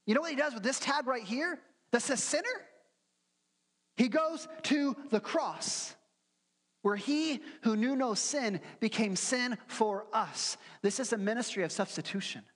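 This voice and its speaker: In an unhurried, medium-pitched voice, the pastor teaches earnestly from the pulpit of a reverberant church sanctuary, posing rhetorical questions and acting out quotes. Long hall reverb colors the recording.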